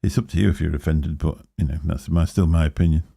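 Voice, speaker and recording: A man's voice: extremely low pitch, steady tone, quick pace, vocal fry, mellow, slightly rough, no room sound, clean studio sound. A middle-aged man co-hosting a casual livestream chat, rambling and correcting himself as he talks. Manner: rambling, self-correcting, chuckling. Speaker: co-host of a live vaping chat show.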